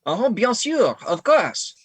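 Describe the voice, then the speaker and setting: A man voicing a hesitant Frenchman with a heavy put-on accent, stumbling through his words with many pauses. The voice moves lively up and down in pitch. The sound is dry and close. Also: breathy edge, dry recording, heavily acted. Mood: puzzled. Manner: hesitant, full of fillers.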